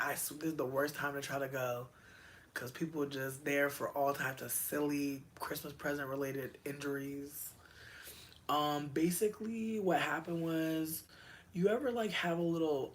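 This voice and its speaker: A medium-pitched livestreamer hangs out with his audience, cursing, using lots of slang, and veering off into quick asides between excited spikes. A slight hiss or hum sits in the background.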